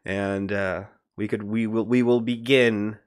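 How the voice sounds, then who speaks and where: Guy rambling on his livestream, saying hi to everyone by name, dry close mic, voice jumps up when he gets excited. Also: measured pace, clean tone, no room sound. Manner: rambling, greets viewers by name, animated swings in pitch. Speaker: livestream host. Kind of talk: casual livestream chat.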